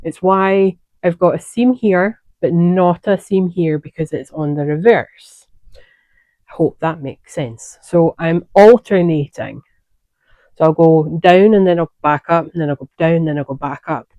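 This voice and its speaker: Lowish, mellow and a little slow, this woman's voice carries no echo as she hosts a knitting podcast. She shows off her projects in casual chat, wandering into asides and correcting herself along the way.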